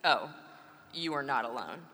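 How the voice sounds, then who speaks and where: Bright wry woman in a reverberant hall. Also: a bass voice, animated, unhurried. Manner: wry, playful humor. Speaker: co-host, mother. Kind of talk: scripted conversational reading.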